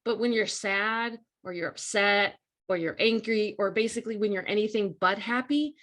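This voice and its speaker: Hosting a live coaching session, this woman has a medium-pitched, fairly bright voice at a moderate pace. Her manner is casual, earnest and emphatic, with repeated key points addressed straight to the audience.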